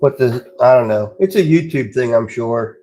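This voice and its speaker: A man's voice: medium pitch, moderate pace, mellow, soft background music. A man hosting a live stream from his pottery workshop, chatting casually and rambling as he works, with frequent chuckles. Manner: easygoing, rambling, chuckles often. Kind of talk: casual live-stream chat while working.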